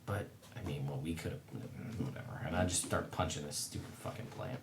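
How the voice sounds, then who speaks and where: A man's voice: rumbling low, steady tone, fairly quick, reverberant, distant mic, slight background noise. A man playing a tabletop game, grumbling and muttering with casual swearing. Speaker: player.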